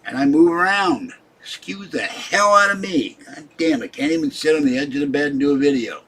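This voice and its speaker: Husky irritable older man. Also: on the high side, lively intonation, brisk, a bit bright. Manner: irritable, scolding viewers in the chat. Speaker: livestream host. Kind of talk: rambling live-stream chat.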